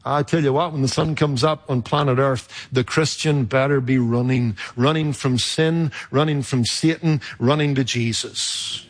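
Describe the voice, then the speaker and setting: A man preaching a sermon in an emphatic, rhetorical way, with dramatic pauses and sudden jumps in loudness. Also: mid-range voice, steady tone.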